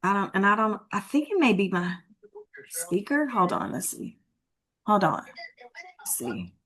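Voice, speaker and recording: Texan woman broker, bright and chatty, teaching a homebuying class over a video call. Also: medium pitch, huge pitch swings, measured pace, husky. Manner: chatty and informal, thinks aloud while fixing tech. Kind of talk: live online class. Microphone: computer mic on a video call.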